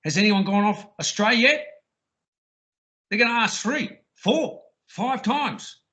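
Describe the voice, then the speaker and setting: A man's voice: high-pitched, lively intonation, slow, pushed and bright. A man on a call, recounting a police stop in a crude, insistent, mocking way. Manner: mocks the officer's lines, crude and insistent. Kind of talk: rambling call-in monologue.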